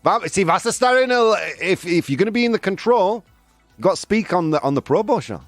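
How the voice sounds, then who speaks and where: Lively jokey male radio host. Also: sits high, brisk, dry recording, faint music behind. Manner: jokey, self-mocking, laughs often. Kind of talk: casual radio chat.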